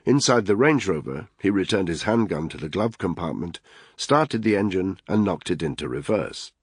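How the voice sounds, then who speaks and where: A male audiobook narrator reading a thriller in a steady, grave manner. His voice sits very low with a husky edge. The recording is dry and close to the mic. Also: normal speed, dry recording.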